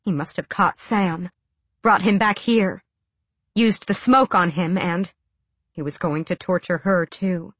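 A woman's voice: lowish voice, slow pace, breathy edge, dry recording. A woman narrating a fantasy audiobook with a dramatic, tense delivery.

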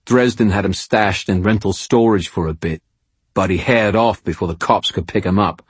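A coarse hireling, gruff and irritable, growling his words, as a male narrator voices him. The voice is low and husky with a dry, close sound. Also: normal speed, no echo. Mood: gruff, cunning. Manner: annoyed, growling, swears constantly. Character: coarse, gruff British hired mercenary man.

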